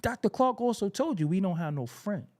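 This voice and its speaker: Black guy ranting on a podcast, jumps all over in pitch, dark mellow tone, lots of cussing. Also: a little fast. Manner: animated, preachy, swears a lot. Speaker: podcast host. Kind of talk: heated casual discussion.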